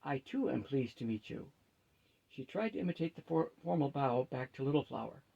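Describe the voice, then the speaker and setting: A man reading a fantasy novel aloud at a steady, unhurried pace, lightly shifting his pitch for each character. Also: vocal fry, husky, muffled recording. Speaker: storyteller.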